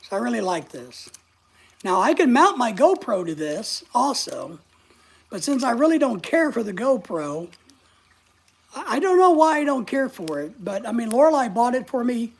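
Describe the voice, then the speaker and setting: A woman's voice: on the high side, big pitch swings, moderate pace, vocal fry, husky. A woman, no longer young, hosting a rambling, chatty live stream and reading out viewer comments as she goes. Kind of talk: casual live-stream chat.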